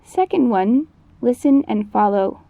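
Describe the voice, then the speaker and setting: A woman's voice: on the high side, expressive, measured pace, vocal fry, dark tone. A woman teaching a recorded Mandarin lesson, explaining patiently in scripted narration. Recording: dull lo-fi recording.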